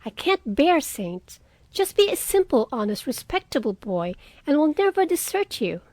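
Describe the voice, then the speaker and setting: A woman's voice: sits high, very animated, normal speed, a little mellow, no room sound, pitched above the performer's own voice. A woman reading as a frank, spirited young woman. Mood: earnest. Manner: earnest, outspoken, scolding. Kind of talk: audiobook character reading.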